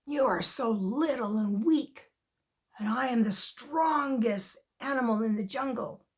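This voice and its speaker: A mighty male lion in a storybook tale, put on by a woman reader, angry and boastful. He grumbles in a lowered voice, slow and heavy. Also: lightly acted. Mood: proud grumble.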